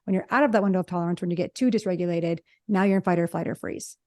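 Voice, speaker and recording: A quick-talking woman psychologist explains her ideas with examples and little acted-out quotes. Her voice is dark and mellow, and it sits dry and close to the microphone with no room sound. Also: lowish voice, no room sound. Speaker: relationship psychologist, podcast co-host. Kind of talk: conversational podcast discussion.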